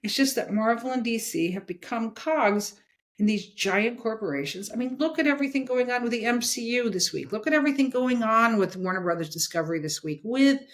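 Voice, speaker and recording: A woman's voice: on the high side, brisk. Emphatic woman in her sixties. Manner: animated, emphatic, tags points with "okay?". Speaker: guest, comics editor. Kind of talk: casual interview chat.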